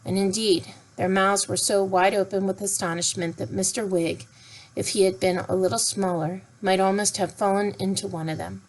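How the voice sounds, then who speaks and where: Lady reading a kids' chapter book out loud, gentle and expressive. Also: on the low side, normal speed, low-quality recording. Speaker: narrator. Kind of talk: storybook read-aloud.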